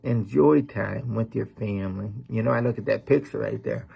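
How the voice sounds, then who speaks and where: A man's voice: on the low side, normal speed, gravelly, dark tone, breathy edge. A middle-aged man preaching a sermon as a pastor, talking in a folksy, conversational way with lots of "man" and "you know.".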